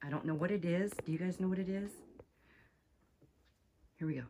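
A woman's voice: on the low side, brisk, pauses often, dark tone, slight background noise. A woman vlogging as she explores an abandoned cabin attic, nervous and exclaiming, talking to her viewers and to the animals she finds. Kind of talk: hushed exploring vlog.

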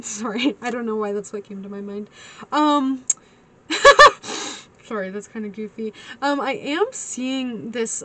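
A woman's voice: high-pitched, bright, forceful tone, slight background noise. Giggly, chatty woman reading tarot. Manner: chatty, giggly, calls listeners honey. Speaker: tarot reader. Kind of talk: casual tarot card reading.

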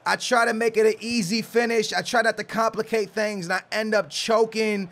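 A young man commentating his own football video game, muttering plans quietly, then shouting in outbursts. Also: high-pitched, fairly even intonation, moderate pace, few pauses, soft background music. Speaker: gaming YouTuber. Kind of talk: excited gameplay commentary.

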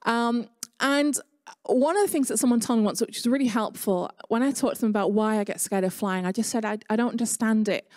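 A woman's voice: a little high, a little fast, darkish tone, no echo, studio quality. Chatty English woman preaching. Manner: chatty, conversational preaching with personal stories. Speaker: pastor. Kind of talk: online sermon.

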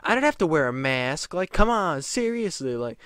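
A man's voice: big pitch swings, normal speed, a bit bright, clear, resonant tone, dry recording, studio quality. A man putting on the voice of an entitled, stubborn middle-aged woman, whiny and indignant. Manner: whiny, indignant, high-pitched.

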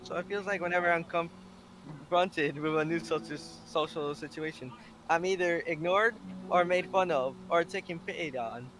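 A man's voice: fairly high pitch, moderate pace, fairly bright tone, faint music behind, natural voice. A man voicing a shy, awkward bookish teenage girl, reading her lines with hesitation from a visual novel. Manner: hesitant, self-critical reading.

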